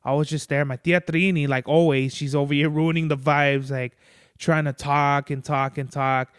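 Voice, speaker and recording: Podcast host, male, loose rambling monologue, slightly high and crisp, dry close sound. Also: flat delivery, normal speed, no echo. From Mexican-American family. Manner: rambling, profane, lots of "like" and "bro". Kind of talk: casual solo monologue.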